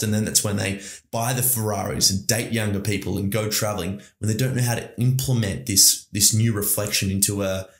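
Australian man with a low, roomy voice. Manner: enthusiastic, rambling, addresses listeners as guys. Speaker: podcast host. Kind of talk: motivational monologue. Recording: roomy echo.

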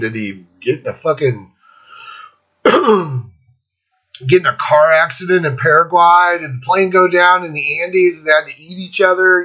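A man's voice: fairly high pitch, normal speed, pushed and bright, dull audio. Blunt, profane man in his fifties. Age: 50s. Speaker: host. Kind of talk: casual rant.

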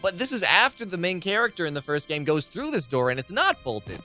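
Over soft background music, a man with a high, pushed and bright voice speaks briskly and very animatedly. He's live-streaming a horror game, chatting loosely with his viewers, rambling and swearing freely as he plays.

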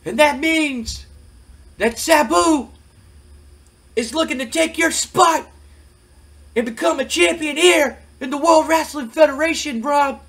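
A man voicing a loud, taunting male wrestling manager who rants and mocks in a shrill, raised voice. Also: unhurried, gravelly, pauses often, heavily acted. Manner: shrill, ranting, mocking.

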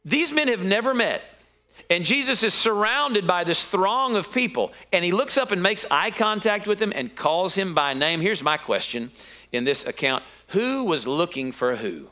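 A man preaching a sermon, telling the story in an animated way with sudden high exclamations. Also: normal speed.

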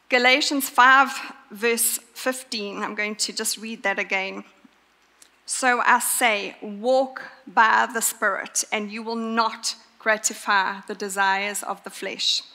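A woman preaches a sermon with a bright, forceful voice set fairly high. She talks earnestly and leans hard on her key points, and her words ring out with the long echo of a church hall. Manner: earnest, emphatic, with pauses for stress.

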